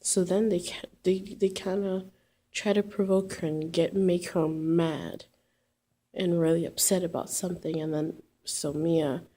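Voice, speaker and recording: A woman's voice: fairly low pitch, steady tone, unhurried, dark tone. A woman casually telling a personal story, rambling with many fillers and restarts.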